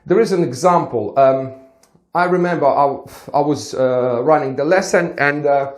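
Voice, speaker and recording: A man's voice: on the high side, moderate pace. Swim teacher man in an echoey room. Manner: storytelling, re-enacts conversations. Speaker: swimming teacher. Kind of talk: casual advice talk with a personal story. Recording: roomy echo.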